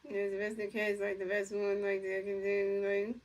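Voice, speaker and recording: A woman's voice: medium pitch, completely flat delivery, a little fast, far from the mic. A woman giving casual play-by-play over a video game, rambling with lots of fillers and repeated phrases. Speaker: gamer doing play-by-play.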